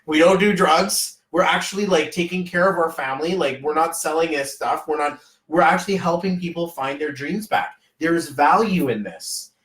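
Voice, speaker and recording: A man's voice: a little high, normal speed, few pauses, a bit bright, distant mic. A man hosting a casual live stream as a business coach, rambling and hypey, often slipping into quoted voices. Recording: echoey room, voice off-mic.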